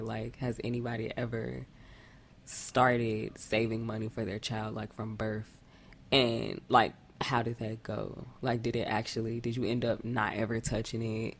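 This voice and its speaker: Very low, gravelly woman with a stuffy nose. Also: a little hiss or hum. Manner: rambling, restarts often. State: stuffy nasal voice from a cold. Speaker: podcast co-host. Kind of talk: casual chat.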